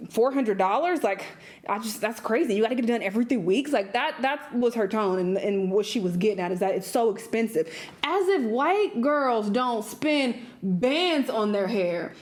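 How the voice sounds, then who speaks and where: Blunt, laughing young woman reacting. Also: a little high. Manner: blunt, swearing, laughs often, mimics others. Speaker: reaction video host. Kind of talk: casual reaction commentary.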